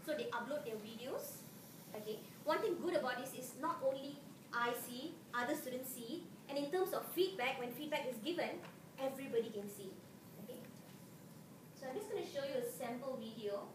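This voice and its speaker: A woman's voice: sits high, animated, fairly quick. Woman lecturing in an echoey hall. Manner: chatty, keeps checking in with the audience. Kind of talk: conference presentation. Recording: roomy, distant mic, noisy hall.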